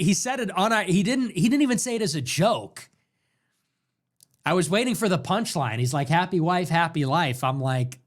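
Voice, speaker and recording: A man with a high, slightly bright voice hosts a political live stream. His rant is sarcastic and mocking, and he keeps jumping into mock voices.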